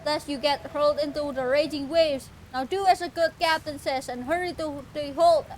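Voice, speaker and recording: A bold ship captain barks orders in a theatrical, commanding manner, read out by a woman. The voice stays high and light. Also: steady tone, moderate pace, slight background noise, lightly acted.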